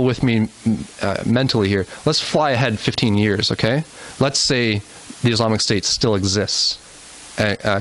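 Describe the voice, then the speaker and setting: A man's voice: medium pitch, low-quality recording. Earnest man lecturing in a church. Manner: earnest, explaining, frequent restarts and asides. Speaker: presenter. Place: church hall.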